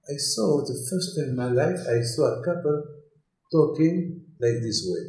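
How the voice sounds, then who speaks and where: A man, a rabbi, giving a sermon earnestly, often restarting his phrases and growing emphatic as his pitch climbs. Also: expressive, moderate pace, warm tone, echoey room, poor audio. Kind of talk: Torah sermon.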